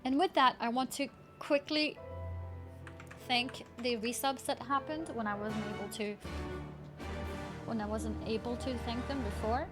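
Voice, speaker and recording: A woman's voice: a little high, fairly even intonation, a little slow, long pauses. A woman livestreamer chatting casually, thanking viewers and giggling while playing a game. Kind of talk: casual gaming stream chat. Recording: game music underneath. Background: game music.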